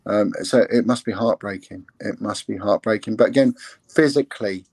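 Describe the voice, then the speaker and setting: A man's voice: on the low side, normal speed, darkish tone, no echo. A man, a former police investigator, talking earnestly in an interview with many restarts and fillers. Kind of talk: candid interview talk.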